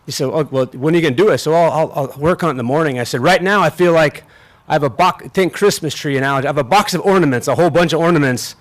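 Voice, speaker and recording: Middle-aged male general, outdoor ceremony speech, slightly higher voice, halting and folksy. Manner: folksy, self-deprecating, halting with restarts. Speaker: general officer speaking at a ceremony. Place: outdoors on a field.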